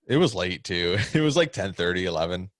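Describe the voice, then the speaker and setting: Guy rambling through a prank call story, lowish voice, laughs a lot, dry mic. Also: big pitch swings, a little fast, no echo. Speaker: podcast co-host, pro wrestler. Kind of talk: casual chat.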